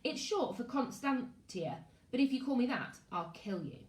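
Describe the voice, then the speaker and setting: A woman's voice: on the high side, lively intonation, normal speed, recorded from a distance, voice pushed up, close to an everyday voice. A woman voicing a fierce, blunt young girl who talks sharply and sarcastically. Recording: echoey room.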